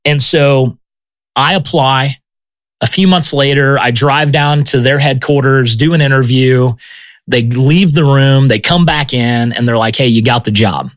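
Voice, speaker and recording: A man's voice: medium pitch, a little slow, dry recording. A man in an interview sharing his testimony in a casual, storytelling way, often stumbling over and repeating words and dropping in "man" and "okay?".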